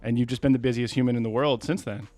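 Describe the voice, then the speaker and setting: A man's voice: medium pitch, fairly even intonation, quick pace, mellow. Podcast cohost guy, medium voice, laid back and giggly, faint music behind. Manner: playful, laughs a lot. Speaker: podcast co-host. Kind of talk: casual comedic chat.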